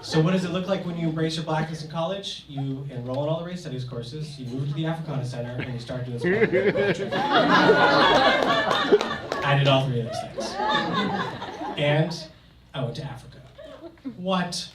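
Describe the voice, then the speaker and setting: A young man telling a comic personal story on stage to a live audience, in an animated, conversational way. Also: a little high, normal speed, long pauses, distant mic, over a noisy crowd. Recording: echoey hall, mic from afar, audience noise.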